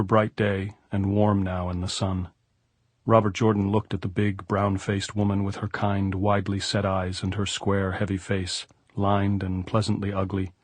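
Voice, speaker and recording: A man narrating an audiobook in an even, measured reading. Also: lowish voice, slightly rough, dry recording. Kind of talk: scripted narration.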